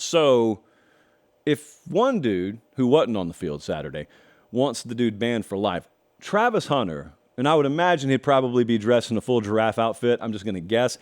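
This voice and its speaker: This show host is a middle-aged man from the American South who speaks at a medium pitch. He delivers opinionated remarks in a folksy style, drawing out words to stress them and slipping in wry asides.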